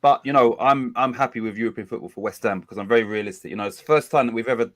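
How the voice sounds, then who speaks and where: A man's voice: medium pitch, very fast. Rambling man hosting a stream. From England. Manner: rambling, chatty, self-correcting. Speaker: watch-along host. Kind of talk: casual live-stream chat.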